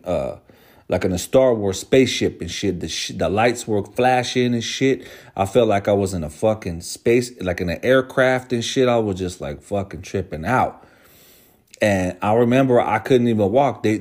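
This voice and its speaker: A man with a low voice telling a personal story to his viewers. He talks in loose, casual slang, restarts his sentences often and swears freely. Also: a little mellow. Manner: profane, slangy, rambling.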